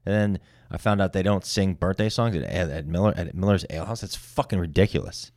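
A man in his thirties talks quickly in a low voice, rambling through a story on a casual podcast and cursing often. The sound is close and dry, with no room echo. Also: a little mellow. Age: 30s. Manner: rambling storytelling, heavy swearing. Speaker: podcast co-host.

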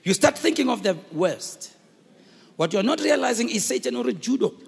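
A South African male pastor with a very high, husky, gravelly voice preaches a fervent sermon. His pitch leaps and swoops as he shouts key lines and calls for answers. The hall rings with long reverb around him. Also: big pitch swings, moderate pace. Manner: fervent preaching with shouted emphasis and call-and-response.

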